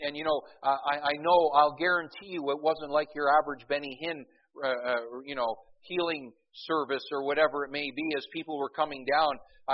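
A male pastor preaching a sermon, swinging between loud urgency and quiet intensity, with folksy asides and frequent restarts. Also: on the high side, muffled recording.

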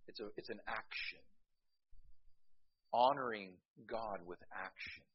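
A man's voice: lowish voice, slow pace, slightly rough, dull audio. A man preaching a sermon as a pastor, telling humorous anecdotes and calling out to the congregation for amens.

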